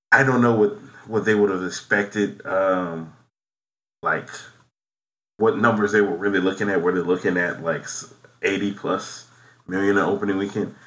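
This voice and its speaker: A man co-hosting a casual movie podcast, talking things through in a halting, musing way. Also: on the low side, a bit bright. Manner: halting, many fillers and restarts, musing. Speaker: podcast co-host.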